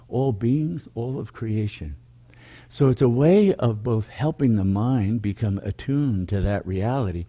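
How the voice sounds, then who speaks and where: A man leading a meditation program over a video call, speaking slowly and contemplatively in repeated rhythmic phrases. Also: mid-range voice, dark tone, husky. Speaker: meditation teacher. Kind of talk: spiritual teaching talk.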